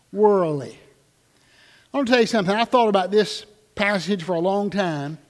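A middle-aged man with a high-pitched voice preaching to his congregation. His words ring out with the long reverb of a large church hall. He is emphatic and often slows down to stress a point. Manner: emphatic, slows right down on key phrases, asks the congregation questions. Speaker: pastor. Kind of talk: sermon.

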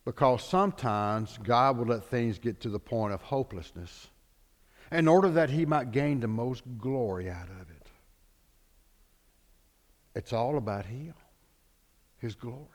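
A man's voice: medium pitch, lively intonation, unhurried, pauses often. A man preaching a sermon, a dramatic preacher who acts out the people in his stories. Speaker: pastor. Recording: long hall reverb.

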